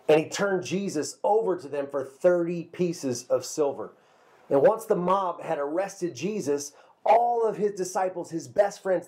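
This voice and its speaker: A man telling a Bible story to children as a kids' pastor, lively and a little halting, often repeating a word before going on. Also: a little high. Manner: lively storyteller, repeats words while talking.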